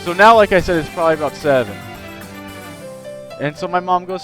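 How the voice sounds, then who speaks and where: A young man chatting on a live stream, telling an animated, rambling story. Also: high voice, a little fast, long pauses, music in the background, low-quality recording. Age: young adult. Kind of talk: casual live-stream chat.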